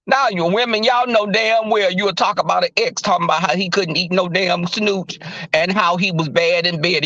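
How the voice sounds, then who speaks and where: This young man's high voice sounds pushed and bright, recorded lo-fi with no room sound. Hosting a relaxed livestream, he's animated and profane, laughing as he calls out people in the chat.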